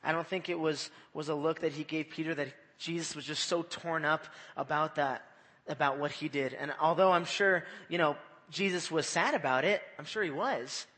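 A man gives an evening sermon in a casual, conversational way, often repeating himself and asking the listeners questions. His voice is bright and slightly high. It carries the long reverb of a large hall. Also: fairly even intonation, normal speed. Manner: conversational, repeats phrases, asks the audience questions. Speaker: preacher. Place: church.

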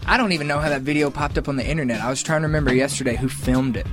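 A man's voice: mid-range voice, racing, over music. A young man with a Southern US accent, hosting a radio show and telling stories in a casual, jokey way. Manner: storytelling, jokey, animated quoting. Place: radio studio.

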